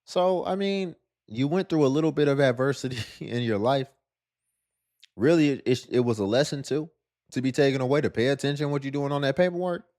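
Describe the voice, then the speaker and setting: A man's voice: mid-range voice, a little fast, a little mellow. A man giving sarcastic, lecturing reaction commentary on a video clip.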